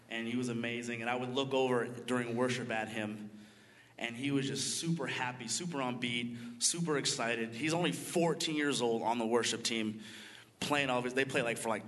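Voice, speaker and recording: A man's voice: mid-range voice, fairly bright tone. A man giving an emotional, earnest church testimony, calling himself a crier. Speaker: mission trip leader sharing testimony. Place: church sanctuary. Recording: long church hall reverb.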